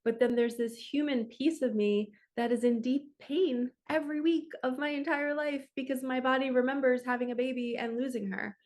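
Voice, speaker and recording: A woman's voice: high-pitched, fairly even intonation, normal speed, hardly any pauses, a little mellow. A woman hosting her own channel as a spiritual coach, speaking to camera in a casual, earnest and reflective way, with frequent fillers. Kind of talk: casual heartfelt talk to camera.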